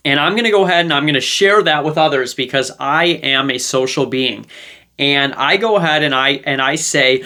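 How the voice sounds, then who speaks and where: A man's voice: on the high side, a little fast, bright, forceful tone. Man who keeps asking 'okay?' as he teaches. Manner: ends many points with a checking 'okay?'; conversational, with many fillers and restarts. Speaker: relationship advice video host. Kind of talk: casual teaching monologue.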